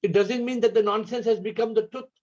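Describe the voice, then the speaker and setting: A man's voice: high-pitched, fairly even intonation, fast, a little mellow. A man with an Indian English accent gives a spiritual talk on a video call, asking his listeners question after question. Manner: asks the audience repeated questions. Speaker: spiritual teacher. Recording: dull lo-fi call audio.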